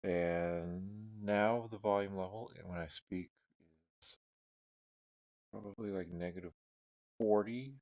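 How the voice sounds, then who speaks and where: A man's voice: low voice, steady tone, slow pace, pauses often, a little mellow. A man live streaming who talks casually and thinks aloud while adjusting his microphone settings. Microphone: desk microphone with noise gate and compressor.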